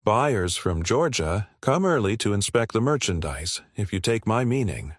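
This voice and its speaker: A man voicing a stern, wary woman cook who speaks in a hushed voice. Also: lowish voice, big pitch swings, normal speed, dry recording, studio quality. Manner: hushed, scolding.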